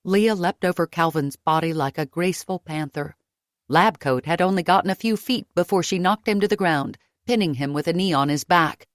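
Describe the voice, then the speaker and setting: A woman narrating a fantasy romance audiobook in first person, with a lively delivery and close studio sound. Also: normal speed, dry recording. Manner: lively, raising pitch for her own character's dialogue.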